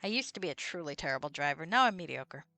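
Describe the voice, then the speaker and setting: A woman's voice: low voice, lively intonation, fast, bright, forceful tone, dry recording, soft background music. A woman streaming a computer role-playing game, chatting casually, swearing and reading out the characters' lines. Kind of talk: casual let's-play chat with read-aloud dialogue.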